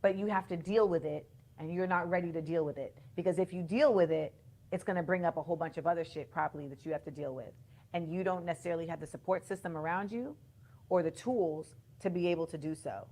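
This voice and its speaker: A woman with a fairly low voice speaks in a conversational discussion. She explains her view at a steady, deliberate pace.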